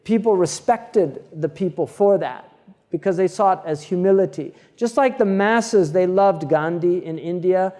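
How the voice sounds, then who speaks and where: A man giving a religious lecture, reading Arabic quickly and then explaining it in English with many fillers and restarts. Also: high-pitched, mellow, in a large hall. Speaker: Islamic scholar lecturing.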